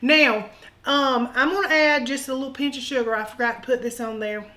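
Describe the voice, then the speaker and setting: A woman's voice: high-pitched, fairly even intonation, fairly quick, a crowd in the background, low-quality recording. A woman hosting a home cooking show, talking in a folksy, joking way and calling viewers honey. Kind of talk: casual cooking demonstration. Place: home kitchen.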